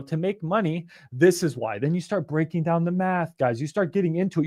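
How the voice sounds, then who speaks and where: Animated, high-voiced man coaching. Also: no echo, clean studio sound. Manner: animated, profane, acts out phone calls. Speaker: real estate investing coach. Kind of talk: casual coaching talk.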